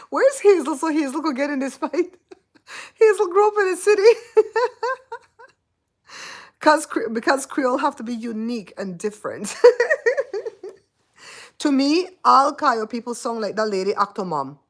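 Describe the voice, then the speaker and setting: A woman's voice: high voice, animated, measured pace, long pauses. A Belizean woman hosting a casual livestream chat, laughing often and teasing her viewers. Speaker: host.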